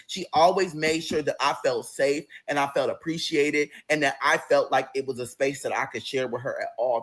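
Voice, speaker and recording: A man's voice: mid-range voice, fairly bright tone. A young man telling a personal story in a casual, profane, emotional way, acting out the other people's lines. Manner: profane, emotional, acts out quoted voices. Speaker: storyteller recounting personal events.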